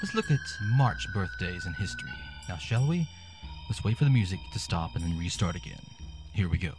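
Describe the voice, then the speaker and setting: A man's voice: low-pitched, very animated, a little fast, music in the background. Sarcastic rambling male comic host. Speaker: podcast host. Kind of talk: comic monologue.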